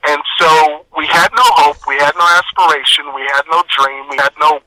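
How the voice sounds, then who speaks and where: A man's voice: on the high side, level tone, normal speed, sharp tone, rough recording. Earnest Texan man telling his story. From San Antonio, Texas. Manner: earnest, emphatic retelling with acted quotes. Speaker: interview guest. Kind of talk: personal storytelling.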